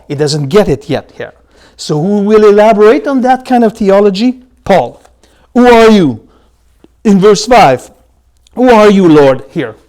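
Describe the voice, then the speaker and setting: A man teaching a Bible study, slowing to spell and repeat key words and swinging between loud emphasis and quiet asides. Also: high-pitched.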